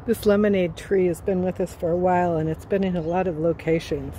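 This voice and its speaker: A woman's voice: on the low side, steady tone, fairly quick, mellow, slight background noise. A woman hosting a casual garden vlog outdoors, playful and chatty. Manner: playful, whispers at times. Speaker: channel host.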